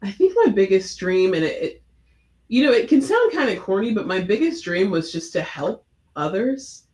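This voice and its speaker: A woman's voice: medium pitch, very animated, normal speed, a little mellow. Earnest woman guest, roomy echo. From Florida. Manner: earnest, reflective, with frequent hesitations. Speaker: guest, attorney. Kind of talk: talk show interview.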